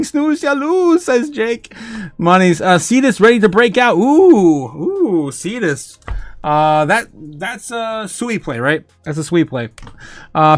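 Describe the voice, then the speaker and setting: A young man hosting a crypto livestream, rambling, laughing, swearing and exclaiming loudly, a bit tipsy. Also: sits high. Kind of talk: rambling live-stream chat.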